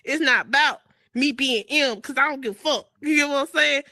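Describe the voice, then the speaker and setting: A woman speaks on a podcast in a bright, fairly high voice. She is heartfelt, laughs often and swears casually. The sound is dry and close. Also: a little fast, no echo. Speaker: podcast co-host. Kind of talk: emotional casual chat.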